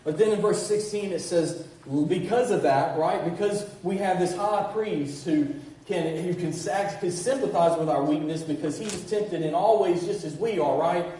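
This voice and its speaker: Middle-aged male pastor, high mellow voice, preaching with repeated call-outs and restarts; distant, echo-heavy church recording. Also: moderate pace. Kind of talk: sermon. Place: church sanctuary. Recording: very echoey, distant church recording with faint noise.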